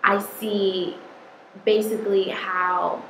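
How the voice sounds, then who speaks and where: A woman's voice: mid-range voice, flat delivery, slow pace, fairly bright tone. A young woman telling a personal story in a casual, rambling way, with many "um"s and "like"s. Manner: rambling, full of "um" and "like". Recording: echoey room with light noise.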